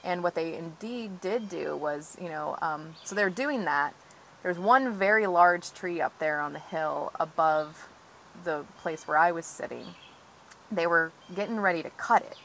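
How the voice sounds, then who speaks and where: A woman with a lowish, fairly bright voice speaks a little slowly, recounting events outdoors on her property near some trees. She's an interviewee and tree-sit protester, earnest and agitated, filling her talk with "like" and "you know." The audio is poor, with a little hiss or hum.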